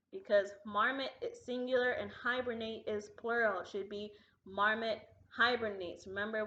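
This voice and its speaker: A woman teacher giving a recorded grammar lesson to students at home, patient and deliberate, slowing down to model example sentences. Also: a little high, fairly bright tone. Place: classroom. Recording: echoey room, dull lo-fi sound.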